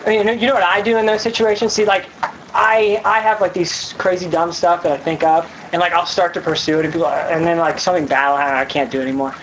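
A woman's voice: on the low side, fairly even intonation, quick pace, muffled recording, a little hiss or hum. A woman giving a casual youth sermon, chatty and full of fillers, acting out scenes in voices. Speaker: youth speaker.

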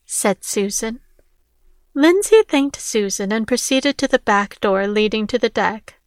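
A woman narrating a novel chapter in a steady, plain reading voice. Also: mid-range voice, normal speed, smooth, no room sound, studio quality. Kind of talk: audiobook narration.

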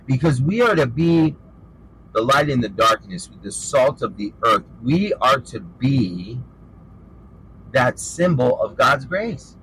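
A man delivers an informal sermon with fervor, pressing his listeners with pointed rhetorical questions. His voice sits at a middle pitch. A faint background noise runs under the recording. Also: expressive, takes it slowly, fairly bright tone, low-quality recording. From western United States. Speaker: preacher.

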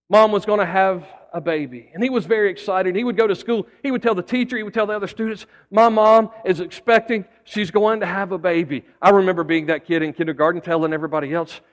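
Preaching man, high voice, church reverb. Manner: storytelling preacher with folksy asides and repeated words. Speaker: pastor. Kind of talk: sermon.

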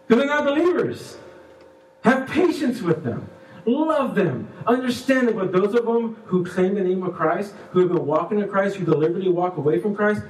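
A man preaching a sermon as pastor, animated, acting out little voices and swinging between hushed and loud. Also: high-pitched, reverberant, far from the mic, slight background noise, rough recording.

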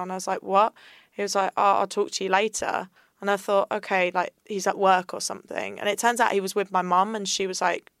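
A young woman tells her own story on a podcast, candid and earnest. Her voice is smooth and resonant but has a gravelly fry underneath. The sound is dry and close. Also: medium pitch, a bit bright, dry recording. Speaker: guest. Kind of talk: personal storytelling in a podcast interview.

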